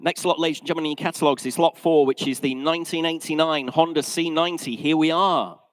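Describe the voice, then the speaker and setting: A brisk English auctioneer calls bids in a sale room, rattling through prices and bantering with the bidders. His voice sits fairly high and the sound is close and dry. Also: fairly even intonation, dry recording, low-quality recording. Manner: brisk, chatty, jokes with bidders. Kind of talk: live auction calling.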